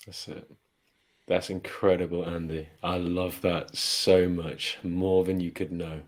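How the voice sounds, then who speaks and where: A man hosting an interview who answers his guest with measured admiration. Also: low-pitched, little pitch movement. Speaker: podcast host. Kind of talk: casual interview.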